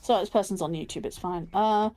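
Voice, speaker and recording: A woman's voice: medium pitch, a little fast, mellow. A woman with a mix of London and standard Southern English accent, rambling and thinking aloud in casual chat during a game stream. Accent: London English mixed with standard Southern English. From England. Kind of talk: casual chat over gameplay.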